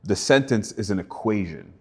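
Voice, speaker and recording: A young man from Canada, an actor guest in a casual interview, telling animated stories and acting out quotes with laughs. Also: on the low side, moderate pace.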